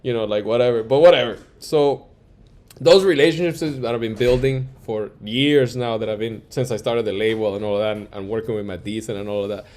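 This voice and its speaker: A male music producer telling stories in a casual interview, animated, acting out quoted dialogue and peppering his talk with "like" and "yo". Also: fairly low pitch, fairly quick. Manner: frequent fillers like "like" and "yo".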